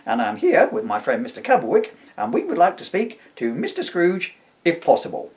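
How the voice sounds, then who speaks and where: A man voicing a prim, courteous gentleman. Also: a little high, huge pitch swings, brisk, voice pushed up. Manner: stiffly courteous, formal. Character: polite, formal gentleman collecting for charity.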